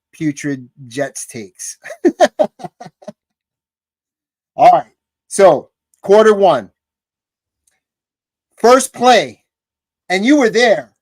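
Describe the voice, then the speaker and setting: A man co-hosting a casual sports talk livestream, giving deliberate, analytical takes. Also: a little high, no room sound. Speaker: podcast co-host.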